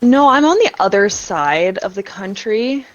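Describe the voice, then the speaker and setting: An adult woman guest on a live-stream talk show, chatting in a relaxed, easygoing way. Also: medium pitch, a little slow, lo-fi sound. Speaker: guest streamer and content creator. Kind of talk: casual chat.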